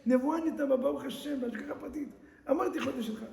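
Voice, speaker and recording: A man, a rabbi telling animated stories in a sermon, mixing Hebrew phrases into his English. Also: very high voice, racing, creaky. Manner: animated storyteller, mixes Hebrew into non-native English. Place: synagogue hall. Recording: echoey hall, roomy sound.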